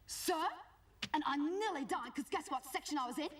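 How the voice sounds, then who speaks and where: Playing a cheeky teenage gossip with an Australian accent in live sketch comedy, a woman uses a high, natural voice at a moderate pace, whiny and nasal with lots of "like" and "guess what". The distant stage mic picks up heavy background noise, with the live audience laughing loudly.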